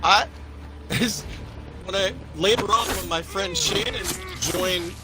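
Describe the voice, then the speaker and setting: A man casually telling a story with lots of swearing, acting out what each person said in an animated way. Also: high-pitched, slow pace, low-quality recording. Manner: profane, animated, acts out quotes. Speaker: podcast co-host.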